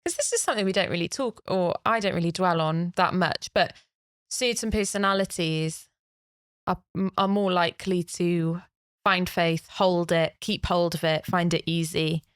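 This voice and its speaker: A woman co-hosting an interview, asking a thoughtful question in a halting way. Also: lowish voice, dry recording, studio quality. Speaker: podcast co-host. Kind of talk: interview conversation.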